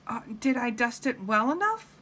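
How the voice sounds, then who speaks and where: A woman's voice: fairly high pitch, big pitch swings, moderate pace, pushed and bright, husky, pitched above the performer's own voice, exaggerated voice. A woman voicing a cheerful, literal-minded housemaid in a storybook read-aloud, chirpy and eager to please. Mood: innocent.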